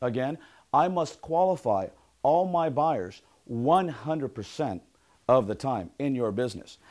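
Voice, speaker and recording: A man's voice: medium pitch, animated, a little slow, darkish tone. A man, a real estate sales coach, giving an upbeat motivational training talk and leading call-and-response affirmations.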